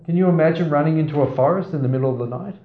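A man's voice: a little high, very fast. A man giving a scripture class to a small audience. He tells stories, asks the audience questions, and makes playful asides. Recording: roomy, slightly dull sound.

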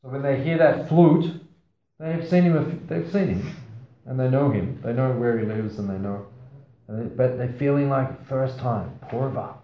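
A man's voice: medium pitch, moderate pace. A man giving a scripture class to a small audience. He tells stories, asks the audience questions, and makes playful asides. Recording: roomy, slightly dull sound.

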